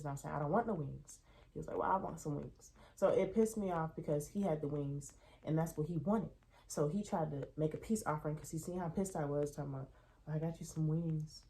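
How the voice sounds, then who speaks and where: Venting her irritation, a deep-voiced young woman recounts a storytime in a casual, animated way, cursing freely throughout.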